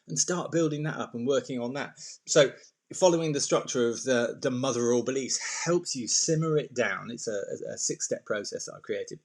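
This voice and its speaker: A man, talking casually to camera as a self-esteem coach, chatty and animated, dropping into playful put-on voices now and then. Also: mid-range voice, moderate pace.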